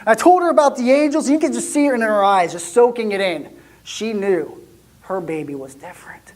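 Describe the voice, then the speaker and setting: A man acting out an excitable young shepherd in a first-person church monologue, chatty and lively, then dropping to hushed tones. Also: high voice, normal speed. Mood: hushed awe.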